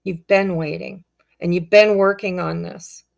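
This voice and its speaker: A woman's voice: lowish voice, steady tone, unhurried, gravelly. A woman giving a casual tarot reading, speaking straight to her viewers in an upbeat, encouraging way. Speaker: tarot reader.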